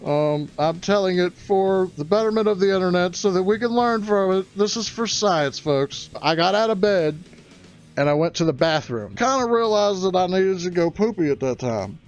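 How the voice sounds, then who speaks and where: A high-pitched man tells a crude comic story and keeps bursting into loud, excitable shouts. The sound is dull and lo-fi, with faint music underneath. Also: moderate pace. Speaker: comedian telling a story. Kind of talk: stand-up storytelling.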